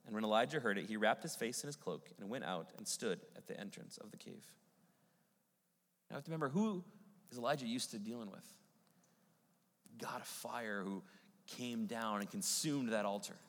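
A male pastor preaching a sermon, swinging between booming Bible reading and hushed, intimate passages. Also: normal speed, pauses often. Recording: long hall reverb.

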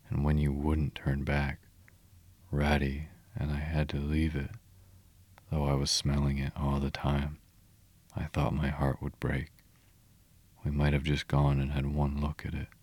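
A small, tearful male mole from a storybook pleads in broken, sobbing phrases, as a man reads him aloud. The voice sits extremely deep and barely moves in pitch. It is recorded close and dry. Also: darkish tone, breathy edge, dry recording, heavily acted.

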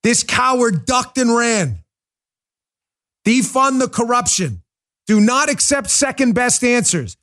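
A man hosts a political talk show with a high, fired-up voice. He talks emphatically and combatively, and he often lapses into mocking impressions of his opponents. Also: sing-song, takes it slowly, a bit bright. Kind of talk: fiery political commentary.

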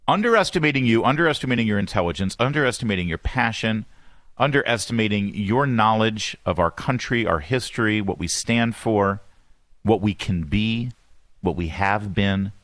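A man hosting a talk radio show, excitable and self-deprecating, with rambling asides, on a studio microphone. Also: mid-range voice, moderate pace, no echo.

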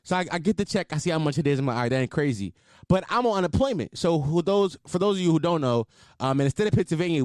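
A man in his twenties telling a story casually, animated and full of profanity. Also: a little high, no room sound, clean studio sound. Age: 20s. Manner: profane, animated, exaggerated outrage.

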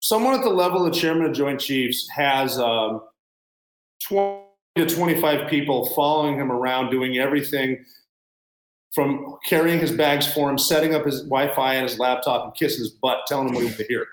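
A man's voice: medium pitch, normal speed, echoey room, low-quality recording. A man in an interview as a former military guest, talking bluntly and sarcastically in a rambling casual way.

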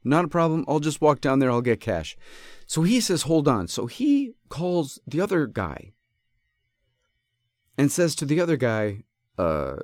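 A man's voice: medium pitch, moderate pace, no room sound, clean studio sound. Rambling man telling a story. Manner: rambling, self-correcting, animated. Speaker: podcast host. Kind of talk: casual storytelling.

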